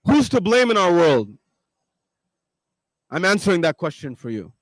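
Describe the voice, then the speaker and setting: A male preacher tells a parable-like story to a congregation, repeating phrases for emphasis and calling out to his listeners. His voice is high for a man, and the recording is dry and close with no room sound. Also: sing-song, moderate pace, no room sound, rough recording. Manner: emphatic, repetitive, addresses listeners directly. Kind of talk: storytelling sermon.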